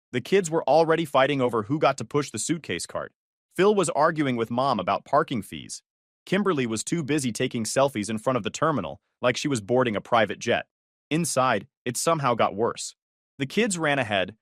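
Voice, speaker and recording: A man's voice: medium pitch, a bit bright, no echo. A man narrating a first-person story with a dry, sarcastic delivery.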